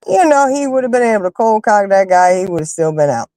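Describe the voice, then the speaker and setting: A woman hosting a casual chat with her viewers, telling stories in an animated, emphatic way and fussing loudly when annoyed. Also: mid-range voice, fairly quick, hardly any pauses, no echo. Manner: animated, emphatic storyteller who rants and fusses. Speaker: livestream host chatting with viewers.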